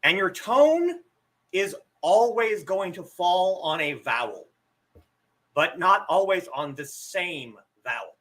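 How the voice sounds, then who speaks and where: A man giving a live-streamed lesson, explaining slowly and deliberately and drawing out his spoken examples. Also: high voice, sing-song, fairly bright tone. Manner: reads viewer comments aloud. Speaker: teacher and streamer.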